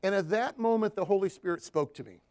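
A man's voice: sits high, fast talker. A man preaching a sermon, telling stories from his counseling work and asking the congregation for amens. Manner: animated storytelling with call-and-response amens.

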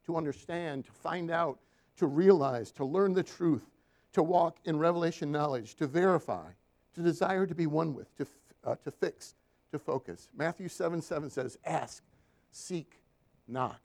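Gravelly and fairly high-pitched, this preacher moves at a moderate pace through his sermon. He shares lively stories drawn from his counseling work, prompting the congregation to answer with amens.

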